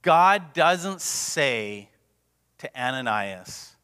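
A man preaching a sermon as pastor, passionate and emphatic, sometimes dropping to a hush. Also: on the high side, measured pace. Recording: long reverb of a large hall.

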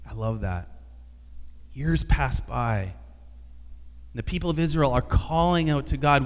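A man preaching a sermon, telling a story with lively, animated delivery. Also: medium pitch, a little slow, long pauses, long reverb tail. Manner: animated storytelling, acting out dialogue. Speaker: pastor.

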